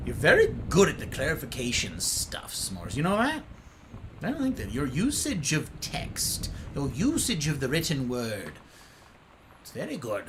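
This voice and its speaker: A man's voice: on the high side, bright, forceful tone. A young man chatting casually with his live-stream viewers, playful and theatrical, with old-fashioned turns of phrase.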